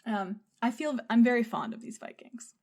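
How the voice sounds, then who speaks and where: A woman's voice: fairly high pitch, normal speed. A woman co-hosting a podcast who animatedly retells a film in casual chat, laughing often and swearing freely. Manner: animated storyteller, swears, laughs often, acts out quoted lines. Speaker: podcast co-host.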